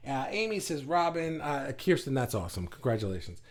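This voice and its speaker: A man's voice: medium pitch, big pitch swings, moderate pace. A middle-aged man with a New York accent, hosting a casual live chat, reading viewer comments aloud, laughing often and stumbling over his words.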